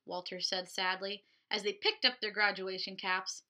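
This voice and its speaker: A woman, a children's librarian, leading a storytime, animated and encouraging as she talks to children. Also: medium pitch, moderate pace. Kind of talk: storytime reading for kids.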